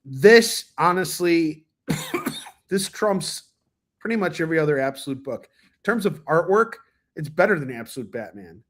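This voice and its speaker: A man's voice: fairly high pitch, very animated, unhurried. A man hosting a casual livestream, reviewing comics in a rambling, enthusiastic way, full of fillers and restarts, with a cough now and then. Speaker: comic book reviewer, stream host.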